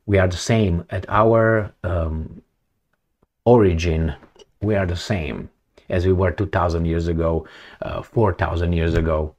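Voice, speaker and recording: Deep-voiced man rambling opinionated commentary. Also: steady tone, measured pace, a little mellow. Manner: rambling, opinionated, many fillers and restarts. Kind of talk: casual unscripted commentary.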